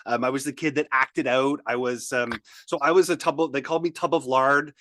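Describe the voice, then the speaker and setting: A man being interviewed as a guest speaker, telling lively stories with many restarts. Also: mid-range voice, fairly quick, no room sound, studio quality. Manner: energetic storyteller, many restarts. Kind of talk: podcast interview.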